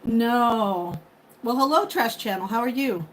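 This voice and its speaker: A woman in her forties hosts a casual livestream and talks straight to her viewers. She rambles from one thought to the next and speaks openly and emotionally. Her voice sits a little high, with faint background noise behind it. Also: lively intonation, a little slow, low-quality recording. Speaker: livestream host. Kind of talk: casual chat with live viewers.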